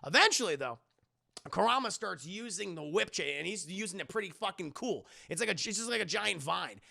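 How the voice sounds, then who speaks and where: A man rambles through an episode recap for a live chat, swearing freely and calling out to the viewers. His voice is high and bright with heavy vocal fry, recorded close and dry. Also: expressive, a little fast. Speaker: show reviewer.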